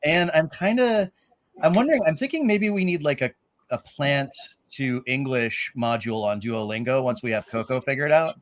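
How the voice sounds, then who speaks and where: Easygoing man guest, mid pitch, thinks aloud with fillers. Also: moderate pace. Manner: relaxed, hesitant with fillers. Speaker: podcast guest. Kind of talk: casual live podcast chat.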